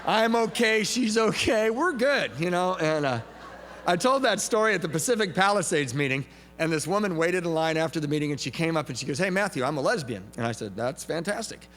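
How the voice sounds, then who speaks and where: A man with a fairly high voice tells a comic recovery story with lots of animation and sudden shouted punchlines. His voice carries a long reverb from a big hall, and a faint hum sits underneath it. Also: expressive, brisk. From from Southern California. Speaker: AA speaker. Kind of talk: recovery meeting talk. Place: large hall with audience.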